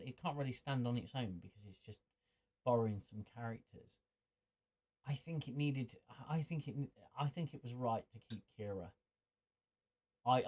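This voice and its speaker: A man's voice: medium pitch, darkish tone, dull audio. A man hosting a livestream chat and reading viewer comments, stammering and repeating words as he thinks, with a mid-range voice and frequent chuckles. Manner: chuckles often, chatty. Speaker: host.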